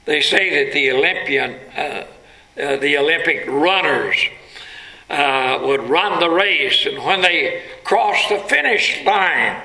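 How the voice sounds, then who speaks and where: A man's voice: a little high, animated, slow pace, pushed and bright. A man preaching a sermon, telling the story dramatically and building to emphatic peaks. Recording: echoey room.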